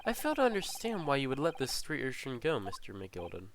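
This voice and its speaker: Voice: medium pitch, wildly swooping pitch, a little fast, background noise. A streamer doing a stern old British judge. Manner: formal, stern, commanding. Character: pompous older male British judge. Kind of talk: game dialogue read aloud by a streamer.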